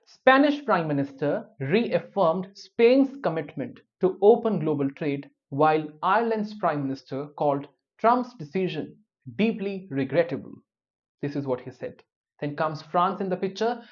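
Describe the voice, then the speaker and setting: A man's voice: fairly high pitch, animated, unhurried. A man giving news commentary, dropping wry, opinionated personal asides between the reports. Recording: dull lo-fi recording.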